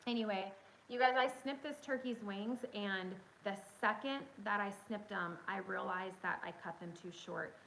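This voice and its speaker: A woman hosting a casual livestream from home on her phone, telling a story in an excitable, chatty way and talking straight to her viewers. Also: mid-range voice, normal speed, vocal fry, a little hiss or hum, poor audio. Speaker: livestream host.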